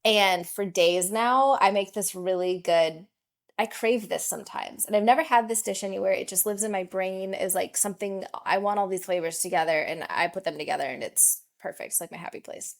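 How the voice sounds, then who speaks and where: A woman co-hosting a podcast in a casual, chatty way. She tells stories in an animated, talkative flow, her voice sitting at a middle pitch for a woman. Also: a little fast. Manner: chatty, animated storytelling with laughs. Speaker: podcast co-host. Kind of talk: casual chat.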